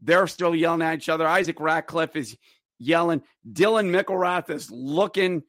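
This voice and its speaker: Male podcast host, higher voice, dry close-mic sound, excitable hockey recap full of jokes and shouts. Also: normal speed, dry recording. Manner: excitable, jokey, acts out players' voices with sudden loud shouts. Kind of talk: animated solo sports recap.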